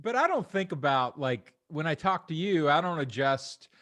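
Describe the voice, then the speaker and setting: A man's voice: on the high side, sing-song, moderate pace, a bit bright, no echo. A man hosting a podcast, musing reflectively in casual conversation. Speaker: podcast host.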